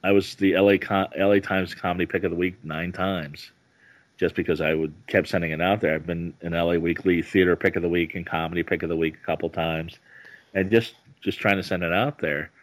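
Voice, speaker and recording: Man, very low voice, rambling and halting, comedian on a podcast. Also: steady tone. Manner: rambling, halting, many restarts. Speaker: stand-up comedian, guest. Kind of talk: casual podcast interview.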